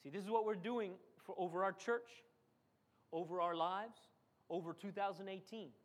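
A man's voice: sits high, moderate pace. A man preaching a sermon as pastor, acting out quotes and calling for amens from the congregation. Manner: preaching with dramatic acted quotes and call-and-response.

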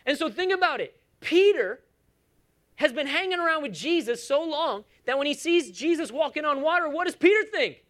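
A woman's voice: high-pitched, animated, fairly quick, a bit bright. A woman preaching a sermon in a church, emphatic and coaxing her congregation along.

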